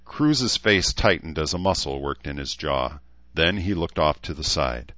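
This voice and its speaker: A man narrating an audiobook in an even, steady reading voice. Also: rumbling low, a little slow, no echo, highs cut off. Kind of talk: scripted narration.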